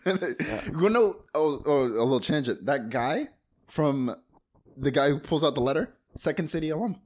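A podcast co-host with a slightly high, expressive voice recaps a movie casually at a moderate pace. He's animated, laughs often, and acts out quotes.

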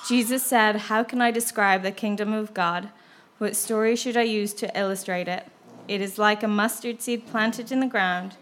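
A woman reading scripture aloud at a steady, measured pace. Her delivery is even and deliberate, the sound of a prepared reading. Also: mid-range voice, slight background noise.

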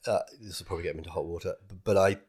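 A man's voice: low voice, very fast, husky. A man, a stand-up comedian chatting on a podcast, rambling and acting out voices as he tells stories. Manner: rambling, animated, acts out voices in anecdotes. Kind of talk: casual podcast chat.

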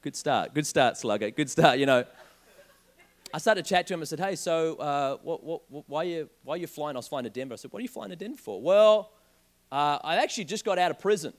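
A young man preaching a sermon, telling a joking personal story in an animated way. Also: a little high, fairly quick. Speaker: pastor.

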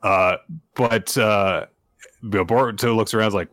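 Here a man's voice, on the low side and at a moderate pace, recounts a manga chapter for a laid-back podcast, with no echo in the recording. Full of fillers like "uh," his storytelling is lively, and he performs the characters' lines himself.

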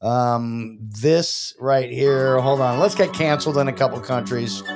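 A man's voice: medium pitch, unhurried, music in the background. A man hosting a casual podcast, joking and reading out listener messages. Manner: playful, laughs often, reads out listener messages. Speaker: podcast host. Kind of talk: casual chat.

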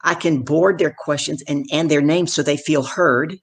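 A middle-aged woman, a professional speaker and guest, telling stories from her career in animated conversation and acting out the people in them. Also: sits low, normal speed, creaky, breathy edge. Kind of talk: conversational storytelling.

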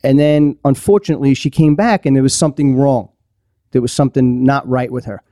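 A man's voice: mid-range voice, steady tone, fairly quick, warm tone, dry recording, clean studio sound. A man hosting a podcast, telling a story in casual chat and laughing often. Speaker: podcast host.

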